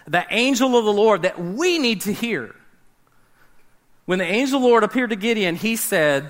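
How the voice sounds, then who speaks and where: A man preaching a sermon, animated, swinging between loud emphasis and hushed, dramatic drops. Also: high voice. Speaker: pastor.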